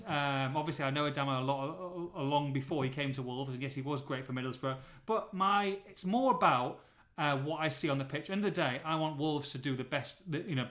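A man's voice: fairly high pitch, pushed and bright. A man co-hosting a casual football podcast, reading out listener questions with chatty, bantering asides.

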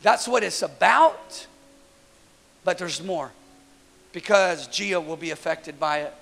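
A man in his thirties preaching a sermon in a church, energetic and storytelling, often repeating words as he builds a point. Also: high-pitched, slow pace, vocal fry. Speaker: pastor.

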